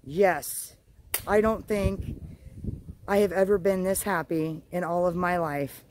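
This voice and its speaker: A woman's voice: lowish voice, fairly even intonation, darkish tone, slight background noise, low-quality recording. Gushing woman vlogging in her garden. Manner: gushing, exclamatory, drawn-out. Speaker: homestead vlogger. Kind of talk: casual excited vlog. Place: outdoors in a home garden.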